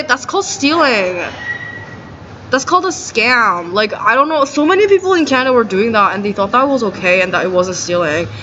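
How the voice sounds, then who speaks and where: Woman vlogger, agitated, indignant monologue; higher voice, faint hiss on the recording. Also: pushed and bright. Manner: agitated and indignant, many "like" fillers. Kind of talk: rambling monologue to camera. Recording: dull lo-fi audio with faint noise.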